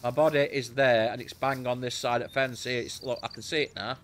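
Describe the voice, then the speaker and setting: A man's voice: medium pitch, steady tone, fairly bright tone, a little hiss or hum. A man with a Sheffield accent chatting loosely while streaming a game, bantering and swearing. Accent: Sheffield English. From Sheffield, England. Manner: banter, swearing, quick exclamations. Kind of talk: casual gaming chat.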